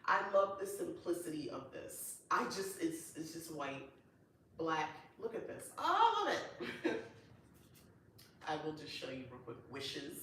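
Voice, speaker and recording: A woman hosting a casual unboxing chat, gushing and excitable, with lots of delighted exclamations. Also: low voice, normal speed, far from the mic. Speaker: host. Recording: echoey room, voice off-mic, faint noise.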